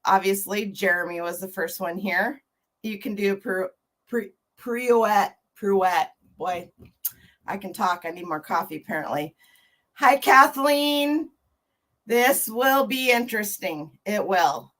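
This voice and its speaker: A woman in her fifties, hosting a casual livestream and chatting warmly, laughing and greeting viewers one by one. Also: mid-range voice, lively intonation, a little slow. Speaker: livestream host.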